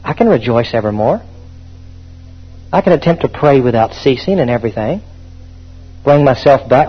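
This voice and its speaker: A man's voice: mid-range voice, animated, moderate pace, pauses often, husky, dull audio. A man preaching a sermon in a fervent way, calling out to his congregation.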